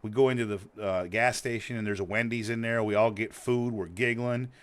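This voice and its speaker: A man's voice: lowish voice, fairly even intonation, fairly quick. A man with a slight Montana accent, a streamer telling a long story in casual, rambling talk, cursing freely and laughing often. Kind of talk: casual storytelling while gaming.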